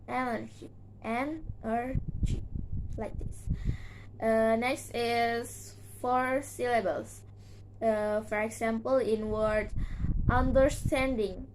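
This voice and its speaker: A young woman whose first language is Indonesian, giving a halting class presentation with many fillers and repeated words. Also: a little high, background noise. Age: young adult. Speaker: student presenter.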